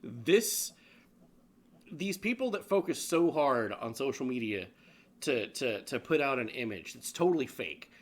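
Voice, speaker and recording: A man's voice: mid-range voice, big pitch swings, unhurried. A man co-hosting a live stream show, chatting casually with profane, laughing banter. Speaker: co-host.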